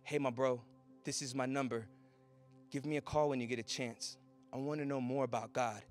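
A man preaching a sermon as a pastor, moving from quiet storytelling to loud, rising exhortation. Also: medium pitch, steady tone, normal speed, soft background music.

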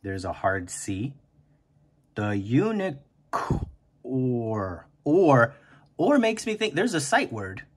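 A man hosting a kindergarten writing lesson, speaking slowly and encouragingly and stretching words out aloud. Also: mid-range voice, very animated, husky. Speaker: teacher and podcast host.

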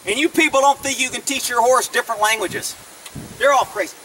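A man with an unusually high, bright voice trains his horse, mocking and blunt in tone. The sound is distant, picked up outdoors with faint background noise. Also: a little fast. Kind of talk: sarcastic training demonstration. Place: outdoors at a rural farm with a horse.

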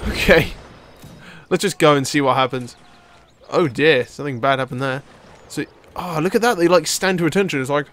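A young man giving excitable, rambling let's-play commentary as he plays, swearing casually. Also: a little high, normal speed, a little hiss or hum. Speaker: gaming video host.

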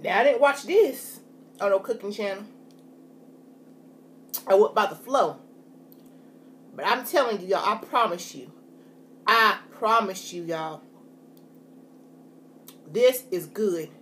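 Folksy woman chatting as she eats, bouncy highish voice, faint room hum behind. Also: lively intonation, a little slow, pauses often, fairly bright tone. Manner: chatty, folksy, says "y'all" a lot. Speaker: food vlogger. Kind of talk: casual mukbang chat to camera.

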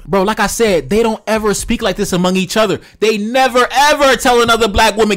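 A man's voice: high-pitched, fairly even intonation, a little fast, hardly any pauses, a bit bright, faint music behind. A man giving heated opinion commentary, lecturing in a repetitive, profane rant. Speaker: online commentator.

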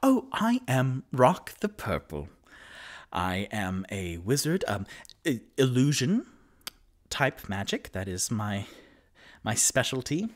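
A man doing a fussy, excitable wizard. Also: medium pitch, slow. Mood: excited. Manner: fussy, stammering, grandiose. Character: male wizard, pompous, excitable scholar.

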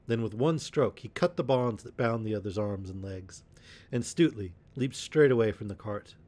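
A man narrating an old adventure novel aloud as a calm bedtime story, in a steady, measured reading. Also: fairly low pitch.

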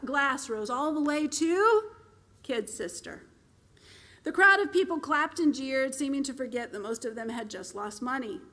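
A woman author reads aloud from her own novel in a steady, expressive storyteller's manner. Her voice sits a touch high for a woman. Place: public library.

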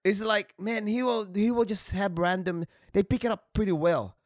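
A man's voice: high voice, no echo, clean studio sound. Man chatting casually, hesitant explainer. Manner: rambling, hesitant, many restarts and fillers; explains terms slowly, with examples. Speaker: podcast host. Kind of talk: casual podcast chat.

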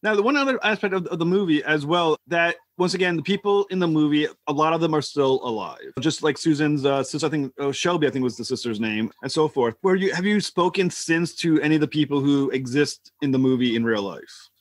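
A man's voice: a little high, fairly quick, dry recording. A man hosting a podcast interview, easygoing and chatty, often restarting his sentences. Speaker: podcast host. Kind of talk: casual interview chat.

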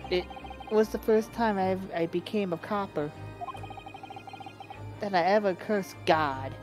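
A woman voicing a grieving young male police constable in a fan dub of a game, confessing haltingly with stammers. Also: mid-range voice, over music, natural voice. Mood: remorseful.

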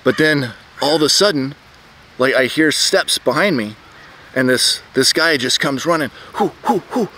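Middle-aged man, casual self-told story, halting delivery full of restarts, mid-pitched voice, outdoors. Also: pushed and bright, a little hiss or hum. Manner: rambling, halting, many restarts and fillers. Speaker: vlogger telling a personal story. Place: outdoors, birds nearby.

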